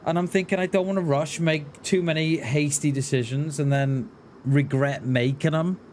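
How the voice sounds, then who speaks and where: A man's voice: on the high side, fairly even intonation, normal speed, a little mellow, a little hiss or hum. A man from Mid Wales with a light Mid Welsh accent, chatting casually as a live streamer while he plays, musing aloud and answering viewers as "mate". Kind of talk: casual gaming commentary.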